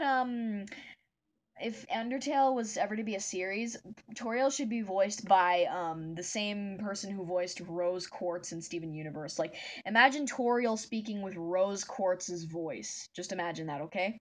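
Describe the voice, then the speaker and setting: A woman chats casually to her viewers while she draws. She rambles from thought to thought with lots of fillers, in an ordinary, mid-pitched voice. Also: measured pace. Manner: chatty, rambling, many fillers. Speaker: vlogger. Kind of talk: casual chat while drawing.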